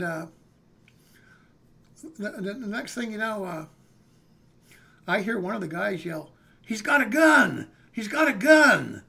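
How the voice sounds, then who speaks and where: Gravelly, rambling male storyteller. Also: high-pitched, fairly bright tone. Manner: rambling, with many fillers and "okay?" checks. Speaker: streamer telling a story. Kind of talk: casual storytelling.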